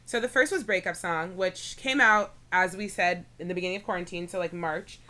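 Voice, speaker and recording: Bright chatty girl in her 20s, lots of likes and ums, laughs a bunch. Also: lowish voice, fairly quick. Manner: chatty, giggly, many fillers. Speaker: podcast co-host. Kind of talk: casual chat.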